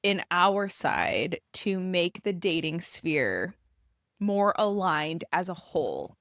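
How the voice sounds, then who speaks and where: An expressive woman co-hosting a podcast, her pitch swinging widely as she alternates quick bursts with slow, pointed phrases. The sound is close and dry, with no room around it. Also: no echo. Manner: animated, emphatic, shifts between quick bursts and slow deliberate phrasing. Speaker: podcast co-host and embodiment coach. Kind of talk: casual podcast chat.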